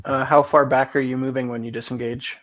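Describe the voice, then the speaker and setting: A man's voice: mid-range voice, little pitch movement, fairly quick, fairly bright tone. A man running a tabletop game as game master, matter-of-fact and asking about the rules.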